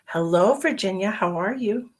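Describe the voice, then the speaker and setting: A woman's voice: medium pitch, expressive, normal speed. A woman, a psychic medium, chatting casually on her live stream, greeting viewers by name and rambling through small talk.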